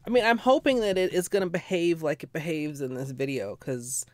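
A woman streaming nail art, chatting casually and ramblingly with viewers while a bit under the weather, clearing her throat now and then. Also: low-pitched, a little fast, a little mellow, no echo. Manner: rambling, chatty, greets viewers, frequent laughs and fillers. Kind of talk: casual livestream chat.

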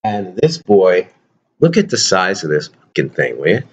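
A man's voice: fairly low pitch, animated, normal speed. A man vlogging casually to his viewers about his toy collection, rambling and joking. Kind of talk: casual chat to camera.

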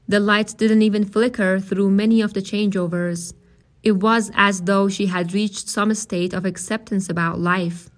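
A woman reads a novel aloud as its narrator. Her delivery is measured and steady, at a middle pitch. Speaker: audiobook reader.

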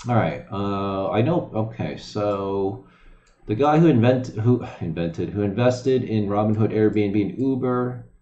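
His voice sits lowish and mellow, moving a little slowly, as he reads news stories from his home stream and tears into them with heavy swearing and mumbled side remarks. The casual, foul-mouthed commentary comes through a desk mic in an echoey room, sounding somewhat dull and lo-fi.

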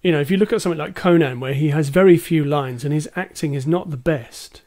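A man's voice: fairly high pitch, fast, darkish tone. A man co-hosting a casual film podcast, hesitant with many ums but enthusiastic. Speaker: podcast co-host.

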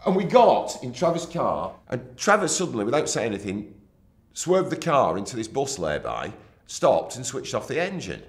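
A middle-aged man, a broadcaster telling anecdotes from his career in a lively raconteur's manner, acting out what other people said. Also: medium pitch, normal speed. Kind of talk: anecdotal storytelling. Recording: roomy echo.

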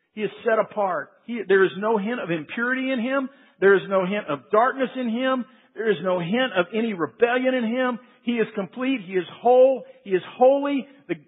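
A man preaching a sermon as a pastor, earnest, swinging between quiet emphasis and raised declarations. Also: high voice, breathy edge. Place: large church sanctuary. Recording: phone-like sound with long hall reverb.

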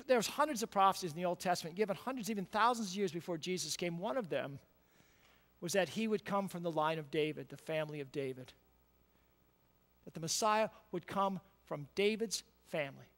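A male pastor preaching a conversational sermon, repeating words and checking in with "right?", moving between quiet and loud emphatic passages. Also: high voice, normal speed, big-room sound. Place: church sanctuary.

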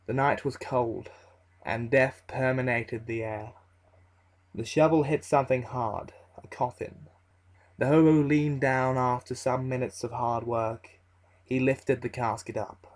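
A man reading a horror story aloud as its narrator, in a slow, measured and ominous delivery. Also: medium pitch, level tone, poor audio.

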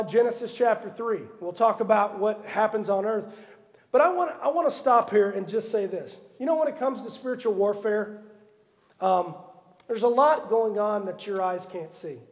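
A pastor delivers his sermon in a lively storytelling way, slipping jokes into Bible stories. His voice sits high for a man and carries a gravelly edge. The sound rings with the long reverb of a church hall. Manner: lively storytelling with asides and humor. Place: church sanctuary.

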